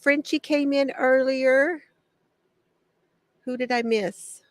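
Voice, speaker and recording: A woman's voice: high-pitched, fairly even intonation, slow, no room sound. A woman hosting a casual craft livestream from her home shed, greeting viewers by name, chatty and often laughing.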